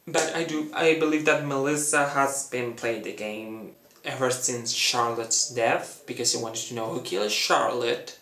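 A man talking through a fan theory in a chatty, dramatic way, acting out quotes in a high voice. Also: steady tone, a little slow, pushed and bright, roomy sound. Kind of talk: casual fan theory talk.

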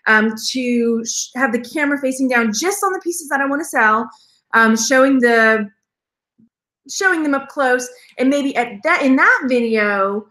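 A woman's voice: high-pitched, lively intonation, unhurried, bright, forceful tone. A woman hosting a live stream, chatting with her viewers in a rambling, talkative way and laughing often. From Texas. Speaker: jewelry reseller, channel host.

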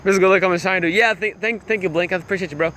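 A young man casually chatting with viewers on a livestream while playing a phone game, excitable and laughing often. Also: sits high, racing, a little hiss or hum. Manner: excitable, laughs a lot, greets chat viewers. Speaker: livestream gamer.

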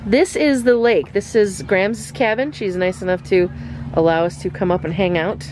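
A woman's voice: mid-range voice, moderate pace, darkish tone, slight background noise. A woman hosting a casual vlog outdoors at a lakeside cabin, chatty and playful as she talks straight to her viewers. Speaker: vlog host.

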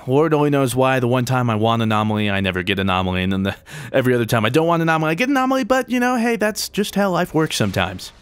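A man giving jokey, excitable gameplay commentary, full of mild exclamations. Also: mid-range voice, fast talker, smooth, no echo. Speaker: gaming YouTuber.

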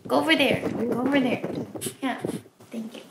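A woman's voice: fairly high pitch, fairly even intonation, moderate pace, noisy background. A woman vlogger chatting playfully and joking while she holds a contortion pose, sounding a little strained. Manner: playful, joking, bossy toward her helper. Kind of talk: casual vlog chat. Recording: echoey room with background music.

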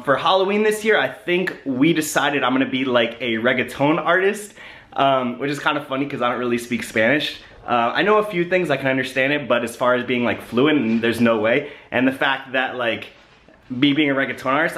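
Young man, casual vlogger, rambling, filler-heavy, hiccups, middle pitch. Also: a little fast, a bit bright. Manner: rambling, lots of "like" and "kinda". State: has the hiccups. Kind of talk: casual vlog chat to camera.

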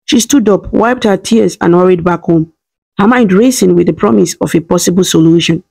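A woman reading a scripted story in a steady, dramatic way. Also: on the low side, normal speed, creaky, slightly rough.

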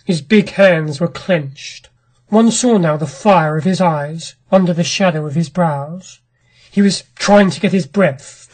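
A woman reading a classic short story aloud in a measured, dramatic narration. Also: fairly low pitch, darkish tone, husky.

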